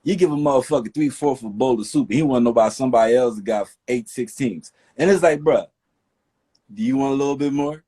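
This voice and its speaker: Mellow, husky man telling it animatedly. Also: medium pitch, quick pace. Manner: animated storyteller, swears, calls people "bruh". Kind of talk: candid casual chat.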